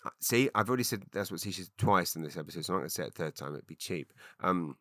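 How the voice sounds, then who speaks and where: Host: man, lowish, bright and punchy, chatty self-mocking solo podcast, dry room. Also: expressive, rapid-fire, no room sound. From Britain. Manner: chatty, self-mocking, with frequent ums and restarts. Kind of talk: solo rambling podcast monologue.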